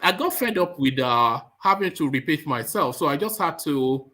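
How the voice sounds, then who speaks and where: A man hosting a live call-in stream, chatty and animated, often stammering and restarting. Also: on the high side, normal speed. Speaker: host of a live political talk stream. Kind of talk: casual call-in chat.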